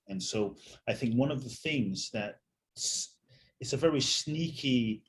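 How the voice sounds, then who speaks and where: Calm, emphatic male author guest. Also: fairly low pitch, slight background noise. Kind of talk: conversational interview.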